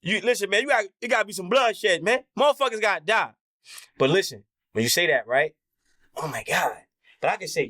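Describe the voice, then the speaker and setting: A man's voice: sits high, lively intonation, a little fast, pushed and bright. A man talking as an interview guest in a heated, candid conversation, impassioned and profane, acting out the voices he quotes.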